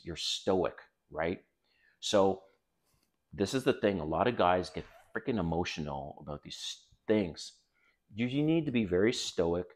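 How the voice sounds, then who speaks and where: A deep-voiced, middle-aged man hosts a dating advice video. He talks bluntly and casually to the camera, swears now and then, and addresses his viewers as guys.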